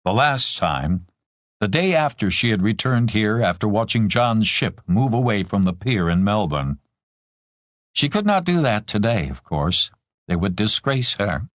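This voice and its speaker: A man narrating a war novel audiobook in measured, expressive storytelling. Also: lowish voice, no echo, clean studio sound. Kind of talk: scripted narration.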